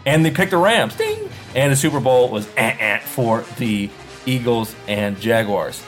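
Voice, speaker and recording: A man's voice: mid-range voice, normal speed. A man co-hosts a loose sports podcast with a mid-range voice. He runs through results with showman hype, calling out "ding" for every correct pick. Faint music plays behind him. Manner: hypes announcements, sings out "ding" on picks. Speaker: podcast co-host. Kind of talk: casual sports podcast chat.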